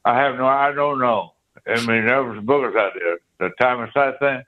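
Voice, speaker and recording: A man's voice: mid-range voice, moderate pace. An older man, a guest guitarist, telling rambling anecdotes in a casual interview and scatting riffs aloud. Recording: tinny phone line.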